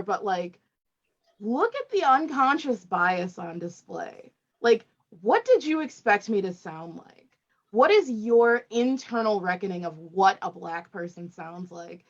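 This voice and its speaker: A woman's voice: medium pitch, expressive, measured pace, a bit bright, lo-fi sound. A woman co-hosting a casual video-call chat, speaking emphatically in an exasperated way. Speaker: co-host.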